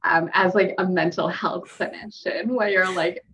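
A woman's voice: fairly low pitch, fairly even intonation, normal speed, fairly bright tone. A young woman, a mental health clinician, telling her story as a podcast guest in a chatty way, with many fillers and frequent laughs. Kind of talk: casual podcast conversation. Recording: dull, distant remote-call audio.

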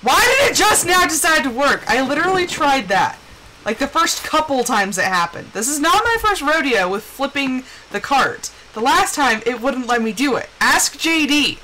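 A woman game streamer with a high, bouncy voice that swings all over the place, chatting with her viewers and erupting into theatrical, exasperated protests. A clear layer of background noise sits under her voice. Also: pushed and bright, rough recording. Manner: dramatic, exasperated outbursts; chatty asides to chat. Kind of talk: live gameplay chat with viewers.

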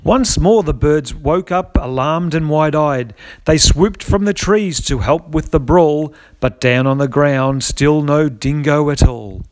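A man's voice: fairly high pitch, measured pace, few pauses. A man narrating a rhyming children's storybook in a lilting, rhythmic way. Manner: lilting, rhythmic rhyme reading.

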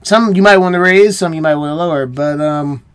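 An American man with a fairly high voice talks through a TV episode on his reaction channel. He muses aloud, rambles and keeps questioning his own views in casual solo chat. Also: a little fast, smooth. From United States. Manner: musing, rambling, self-questioning.

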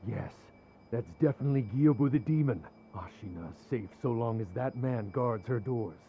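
An actor voicing a stern male samurai soldier in a video game, with a measured, formal delivery, heard as dull game audio played back. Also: mid-range voice, slight background noise, lightly acted. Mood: solemn.

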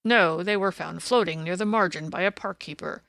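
A woman's voice: on the low side, normal speed, vocal fry, fairly bright tone, dry recording. A woman reading the part of a stubborn, blustering male police inspector, bitter and pushy, in an audiobook. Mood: insistent.

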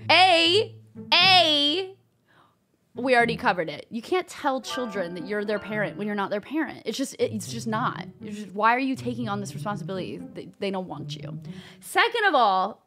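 A woman hosting a casual vlog, reading advice posts aloud and giving blunt, sweary verdicts, laughing often. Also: fairly high pitch. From United States.

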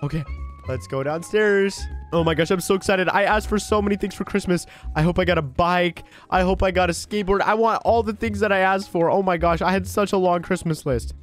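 A man voicing a bratty, excitable one-year-old baby boy in a gameplay role-play, whiny and vengeful when upset. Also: high voice, fairly quick, soft background music, lightly acted. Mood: excited.

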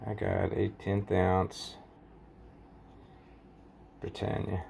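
Gravelly slow-talking man. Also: sits low, level tone, darkish tone, a little hiss or hum. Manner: rambling, halting, many fillers. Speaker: coin collecting vlogger. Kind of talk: casual show-and-tell vlog.

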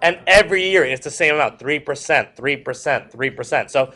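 A man's voice: on the high side, brisk. A man teaching a history lecture to a class, repeating key points and joking with students. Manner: repetitive, animated, joking asides to students.

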